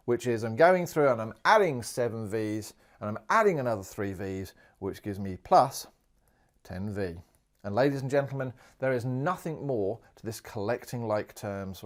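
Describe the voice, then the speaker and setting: A man teaching a maths lesson on video, chatty and playful, thinking out loud as he writes. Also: medium pitch. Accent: Australian.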